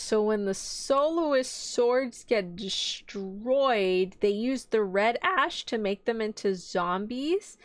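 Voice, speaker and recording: A young woman streamer chatting casually about an anime's story. She rambles in an animated way, slipping into quick voices for the characters and swearing offhandedly. Her voice sits at a middle pitch and sounds dry and close to the mic. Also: dry recording. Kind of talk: casual chat, retelling an anime plot.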